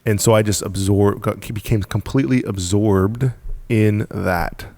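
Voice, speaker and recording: A man with a deep voice recounts his story to a podcast host. His delivery is emphatic and punchy, and he hammers points home by repeating them. The sound is dry and close, with a gravelly edge. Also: unhurried, darkish tone, no echo. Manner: emphatic, repetitive, punchy storytelling with frequent laughs. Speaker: podcast guest, business founder. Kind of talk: casual storytelling in conversation.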